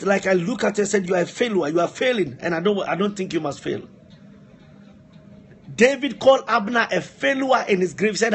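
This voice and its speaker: Male preacher, high voice, repeats lines hard for emphasis, faint room hum. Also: animated, brisk. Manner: repetitive, emphatic exhortation, asides to helpers. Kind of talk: live-streamed sermon.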